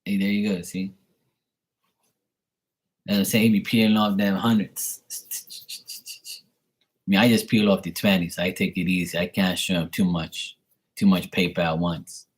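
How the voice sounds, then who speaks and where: A man hosting a casual livestream, joking crudely and streetwise, then doing psychic readings for viewers, often trailing into hushed asides. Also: deep voice, flat delivery, moderate pace, long pauses, husky. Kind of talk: casual live-stream chat.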